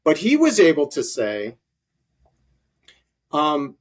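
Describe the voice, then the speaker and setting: Man, interview guest, earnest storyteller, lots of um and uh, slightly high voice. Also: animated, unhurried. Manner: earnest storytelling with many fillers. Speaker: ministry leader guest. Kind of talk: conversational interview.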